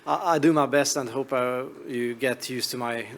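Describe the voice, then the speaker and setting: A man's voice: mid-range voice, steady tone, moderate pace, slight background noise. Hungarian-accented man giving a conference talk. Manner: hesitant, frequent uh fillers. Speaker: conference speaker, media regulator. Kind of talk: conference presentation. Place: conference hall.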